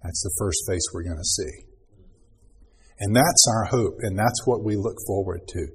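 A man preaching a sermon, reading scripture aloud in an earnest manner and clearing his throat often. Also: fairly low pitch, moderate pace.

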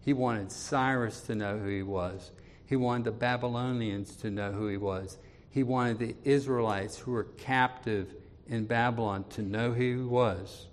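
A man preaching an expository sermon, reading scripture aloud with more force and dropping low and quiet when he appeals to his listeners. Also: steady tone, measured pace, long reverb tail. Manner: reads scripture louder, drops low and quiet for personal appeals.

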